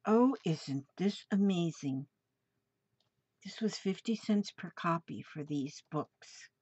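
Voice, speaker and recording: A woman's voice: on the low side, expressive, slow, darkish tone, breathy edge, no room sound. A woman on a crafting channel, gushing and exclaiming as she shows off gifts she received in the mail. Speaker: crafting vlogger. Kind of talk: casual show-and-tell of a mail package. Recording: slightly dull home recording with faint noise.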